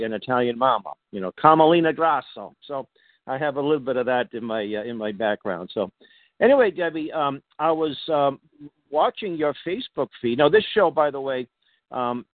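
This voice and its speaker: Over a dry, narrow, phone-like line, a talk radio host from Boston meanders through announcements, restarting himself and leaning on fillers. His voice sits at a middle pitch.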